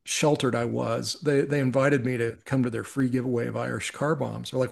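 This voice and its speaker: Gravelly middle-aged man telling his story. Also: medium pitch, little pitch movement, a little fast. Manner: earnest, reflective, with frequent restarts. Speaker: podcast guest. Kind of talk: personal storytelling in conversation.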